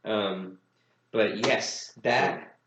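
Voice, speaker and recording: A man's voice: on the low side, extremely slow, echoey room, noisy background. A young man co-hosting a casual podcast, telling funny stories and acting out what people said, often breaking into laughter. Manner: laughing storyteller, acts out quotes. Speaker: podcast co-host. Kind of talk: casual chat.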